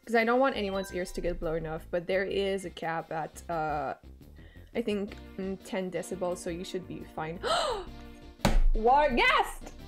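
A woman's voice: medium pitch, big pitch swings, a little slow, faint music behind. A young woman streaming a game, chatting playfully with viewers and often breaking into giggles. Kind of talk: casual game-stream chat.

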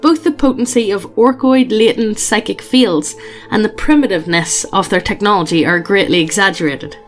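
Woman, podcast co-host, reading posts aloud, dry, matter-of-fact, mid pitch. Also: normal speed, faint music behind.

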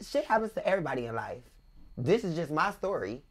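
A woman guest in a casual interview chat, joking and animated as she retells her story in a Los Angeles vernacular accent. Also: on the low side, fast. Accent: African American Vernacular English, Los Angeles. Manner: joking, laughs often, animated when retelling.

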